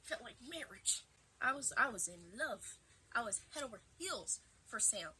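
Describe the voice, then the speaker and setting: In a low-quality recording with crowd noise behind her, a woman in her twenties with a high-leaning voice tells a casual storytime vlog into her camera at home. She speaks at a measured pace but stays animated, acting out dramatic quoted retorts along the way.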